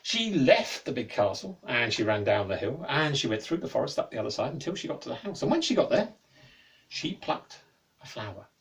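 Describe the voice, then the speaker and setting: A man telling a folk tale aloud in a playful, animated way. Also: medium pitch, a little fast, far from the mic. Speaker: storyteller. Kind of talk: oral folk-tale storytelling.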